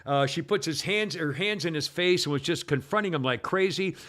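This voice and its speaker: A man's voice: a little high, brisk, a bit bright. A man hosting a casual news talk show, rambling with many fillers and restarts. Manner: acts out quoted people in a raised voice. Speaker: podcast host.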